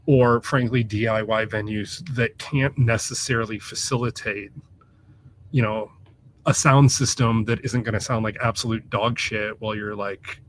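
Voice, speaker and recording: A man of ordinary pitch chats as a guest author, with a loose and profane manner. He rambles through stories and packs them with fillers. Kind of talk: casual interview chat.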